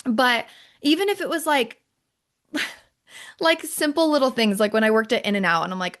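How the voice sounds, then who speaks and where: A young adult woman hosting a podcast, talking in an animated, casual way with lots of fillers. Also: on the high side, moderate pace, long pauses. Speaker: podcast host. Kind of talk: casual chat.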